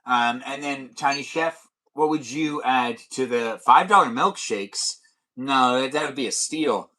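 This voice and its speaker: A man's voice: mid-range voice, a little slow, pushed and bright, poor audio. Rambling male livestream host. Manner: rambling, lots of fillers and restarts. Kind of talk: casual livestream chat.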